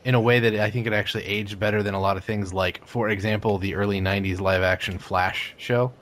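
A man's voice: on the low side, fairly even intonation, fast, fairly bright tone. A man co-hosting a casual chat, talking enthusiastically in long rambling runs with plenty of swearing.

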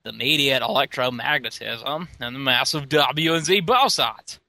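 A man's voice: mid-range voice, moderate pace, vocal fry, pushed and bright, dry recording. A man putting on a nerdy lecturing voice. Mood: earnest. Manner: earnest, textbook reading. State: tipsy from drinking.

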